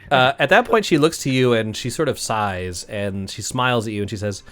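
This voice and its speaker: Lively game master man narrating. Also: on the low side, moderate pace. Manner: relaxed, laughing, lots of uhs.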